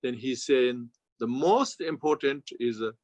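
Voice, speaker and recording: A man with a Tibetan accent, a Buddhist teacher giving a slow, halting dharma commentary in non-native English. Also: medium pitch, a little mellow, no room sound. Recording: dull, lo-fi sound.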